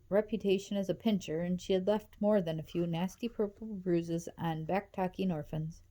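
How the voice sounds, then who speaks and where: Woman reading a story, low mellow voice. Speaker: audiobook reader. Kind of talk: reading a novel aloud.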